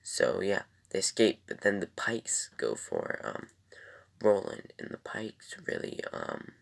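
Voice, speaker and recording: Young male reviewer, deep and gravelly, animated delivery, loose and rambling. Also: slow, whispered. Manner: rambling and loose, many ums and self-corrections. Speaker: TV episode reviewer. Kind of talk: casual episode review.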